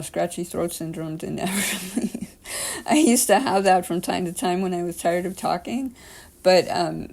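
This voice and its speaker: A woman around forty with a scratchy, raspy throat, reading creepy stories aloud with chatty asides. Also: on the low side, darkish tone. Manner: chatty asides, filler-laden. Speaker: story reader.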